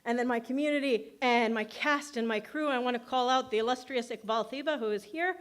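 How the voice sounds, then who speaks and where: A woman's voice: a little high, fairly quick. Chatty, laughing woman giving a speech. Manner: chatty and self-deprecating, laughs often, filler words. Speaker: filmmaker accepting an award. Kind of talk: award acceptance speech.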